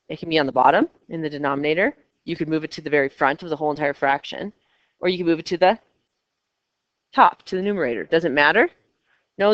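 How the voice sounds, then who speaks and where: A woman's voice: on the low side, a bit bright, dry recording, highs cut off. A woman teaching a math class, chatty and coaxing her students with questions. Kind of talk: classroom lecture.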